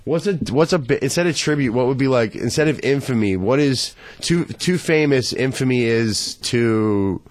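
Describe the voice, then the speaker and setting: A man's voice: medium pitch, moderate pace, few pauses. A man from Pennsylvania chatting casually as a guest musician, rambling and acting out quotes in his stories. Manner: rambling, animated storyteller, acts out quotes. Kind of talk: casual chat.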